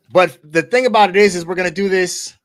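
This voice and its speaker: American guy hosting a podcast, kinda high voice, talks loose, keeps saying okay? and restarting. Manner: conversational, repeats and restarts, frequent "okay?" asides. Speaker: podcast host. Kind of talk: casual podcast discussion.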